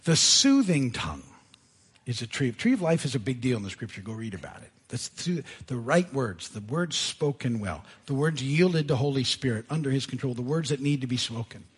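A male pastor preaching a sermon in a conversational, animated way, laughing at himself as he goes. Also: medium pitch, normal speed, breathy edge. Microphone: live sermon mic. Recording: church service audio.

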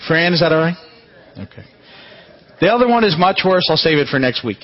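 Relaxed pastor giving a chatty sermon. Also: male voice, on the high side, fairly quick, lo-fi sound. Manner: relaxed, chatty teaching with light humor. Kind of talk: conversational sermon.

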